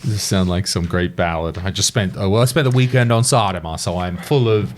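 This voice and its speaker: A man hosting a casual studio podcast, telling stories in an animated, swearing-laced way. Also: sits low, brisk, a little hiss or hum. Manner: animated storytelling, swearing freely. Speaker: podcast host.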